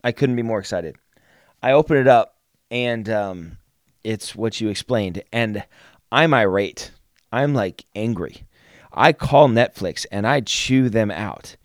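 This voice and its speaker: A man co-hosting a podcast, telling a story in a casual, animated, self-mocking way. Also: fairly low pitch, a little slow, dry recording, clean studio sound. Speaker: podcast co-host.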